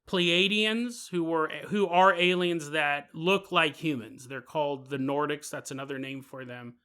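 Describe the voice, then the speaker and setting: Podcast host: bright, high-pitched man, animated storytelling. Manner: animated, laughs while telling.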